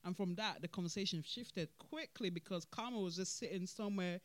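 A podcast host, talking through events in animated casual commentary, laughing and repeating points for emphasis. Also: mid-range voice, fairly quick, dry recording.

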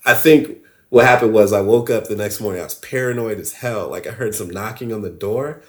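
Name: low-voiced man telling a story. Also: brisk. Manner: animated, acts out quoted voices, laughs often. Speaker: podcast guest. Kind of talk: casual storytelling.

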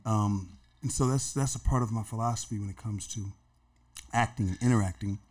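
A middle-aged man in a relaxed conversation, repeating friendly phrases. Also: lowish voice, a little fast. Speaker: actor. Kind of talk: casual conversation.

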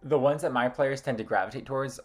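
A man co-hosting a podcast, chatting in a relaxed way with plenty of filler words. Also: medium pitch, fast, a crowd in the background. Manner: relaxed, filler-heavy, laughs easily. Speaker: podcast co-host. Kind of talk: casual chat.

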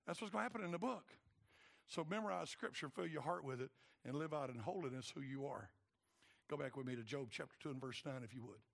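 A man, preaching a sermon emphatically and acting out voices, swinging between loud and hushed. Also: on the high side, fast talker, creaky. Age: 60s. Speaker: pastor.

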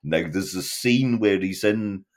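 A man's voice: low voice, unhurried. A man speaking as a podcast guest, rambling in casual chat with many restarts.

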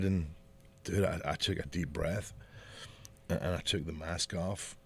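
A man co-hosting a podcast, telling a story in casual, profane, animated chat. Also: low-pitched, normal speed, breathy edge, no room sound. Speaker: podcast co-host.

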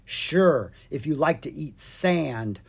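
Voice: mid-range voice, animated, takes it slowly, vocal fry, husky, heavily acted. A reader voicing a nervous, sarcastic young boy dragon in a children's storybook, speaking in a worried, dry and whiny way. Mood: wary. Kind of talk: storybook character voice.

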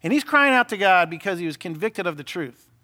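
A middle-aged man, a senior pastor, preaching a sermon in a conversational, animated way with frequent rhetorical questions. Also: high voice, a little fast.

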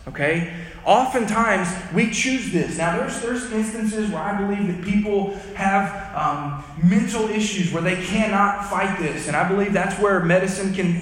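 A man's voice: high-pitched, fairly bright tone. A male chaplain preaching a sermon, talking conversationally and checking in with "okay?" and "right?". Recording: echoey hall.

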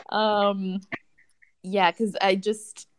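A woman's voice: on the low side, background noise. A woman in casual conversation, telling personal stories expressively with laughing asides.

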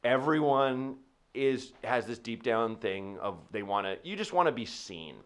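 A man, a comedian, chatting casually and telling rambling, animated stories with lots of restarts. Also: mid-range voice, measured pace, clean tone. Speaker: comedian guest. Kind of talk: casual podcast chat.

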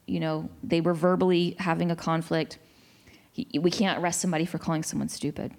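A woman in her forties in a casual discussion, telling a story in an animated way with many restarts. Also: low-pitched, fairly quick, vocal fry.

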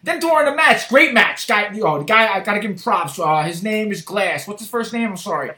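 High, bright-voiced New man. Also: a little fast, roomy sound. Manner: animated, profane storytelling. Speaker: podcast host. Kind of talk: casual chat.

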